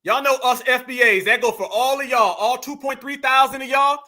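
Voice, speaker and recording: A man hosting a live stream, reacting to a clip with loud, mocking, dismissive commentary and lots of repetition. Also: very high voice, fairly quick. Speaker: livestream host.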